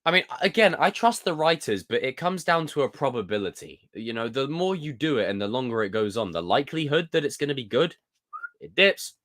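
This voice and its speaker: Animated young British man streaming. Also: medium pitch, a little fast. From United Kingdom. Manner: animated, jokey, reads viewer comments aloud. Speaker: livestream host. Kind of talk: casual live-stream chat.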